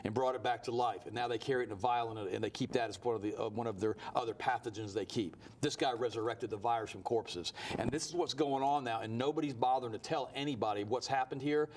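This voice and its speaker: A man's voice: medium pitch, fast talker, hardly any pauses, a little hiss or hum. A man as a guest on a studio talk show, talking heatedly and telling a story at speed. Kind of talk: animated talk-show interview.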